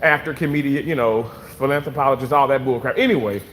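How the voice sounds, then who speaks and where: A man casually venting to his viewers, animated and swearing freely, repeating himself for emphasis. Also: medium pitch, fast, in a large hall, slight background noise. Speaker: vlogger reading live chat.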